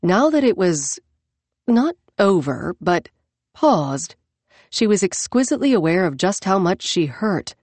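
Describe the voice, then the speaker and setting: A woman narrating an audiobook in a measured, even storytelling manner. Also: medium pitch, no echo. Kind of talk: scripted narration.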